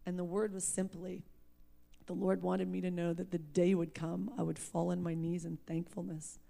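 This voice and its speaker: A woman's voice: on the low side, flat delivery, moderate pace, vocal fry, warm tone. A woman preacher giving a personal testimony, candid and emphatic, often laughing at herself. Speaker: preacher sharing her testimony.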